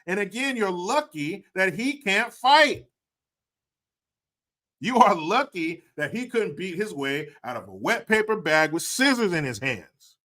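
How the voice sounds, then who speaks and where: A man hosting an opinionated commentary video, profane and mocking, swinging between loud outbursts and low muttered asides. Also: sing-song, a little slow.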